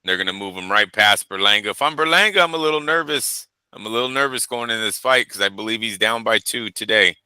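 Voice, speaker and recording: A man's voice: lowish voice, fast, hardly any pauses, bright, forceful tone, clean tone, no room sound, poor audio. A man co-hosting a boxing talk show, chatting casually in an emphatic, teasing and opinionated way. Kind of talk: casual chat.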